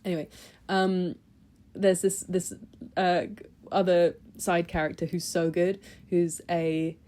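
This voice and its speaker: Mellow-voiced young woman chatting about books. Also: lowish voice, level tone, slow pace. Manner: chatty and enthusiastic, with many fillers and restarts. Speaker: book vlogger. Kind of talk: casual book review chat.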